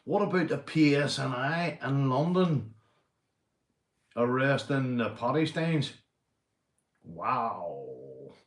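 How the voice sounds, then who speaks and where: A man's voice: lowish voice, roomy sound. A Northern Irish man hosting a livestream, ranting bluntly and swearing often in casual talk to his chat. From Northern Ireland. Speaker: livestream host.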